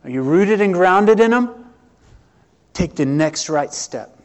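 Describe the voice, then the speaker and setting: A middle-aged man, preaching a sermon earnestly, with swells and hushed drops. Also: high voice, lively intonation, takes it slowly. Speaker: pastor.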